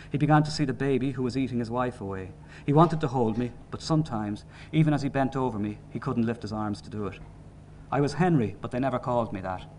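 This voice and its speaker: A man reading a novel aloud in measured, sombre narration. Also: mid-range voice, darkish tone, a little hiss or hum. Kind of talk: audiobook narration.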